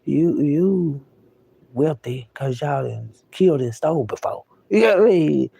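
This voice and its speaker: Gravelly woman on a profane preachy rant. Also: low-pitched, lively intonation, measured pace, mellow, no room sound. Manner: profane and preachy, often calls listeners "baby"; emphatic, with repeated words. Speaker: vlogger. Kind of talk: unscripted monologue rant.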